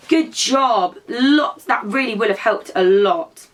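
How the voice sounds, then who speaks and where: A woman who teaches drama to young children, telling a story and prompting them to act it out in an animated, encouraging way. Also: fairly high pitch, normal speed, few pauses.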